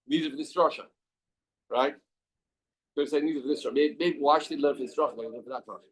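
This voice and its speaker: A man's voice: on the high side, fast. Man teaching a Talmud class. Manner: reads text aloud then explains in plain speech, asks questions. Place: study hall.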